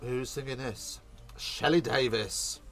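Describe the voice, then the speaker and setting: A man hosting a live watch-along commentary, chatty and excitable, swearing casually. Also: medium pitch, takes it slowly, soft background music. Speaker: host.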